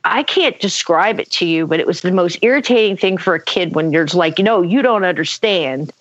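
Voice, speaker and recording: Animated woman telling a spooky story. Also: lowish voice, a little fast, no echo. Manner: animated, acts out quotes, many fillers. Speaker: guest telling a personal story. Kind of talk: conversational storytelling. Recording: dull lo-fi dry sound.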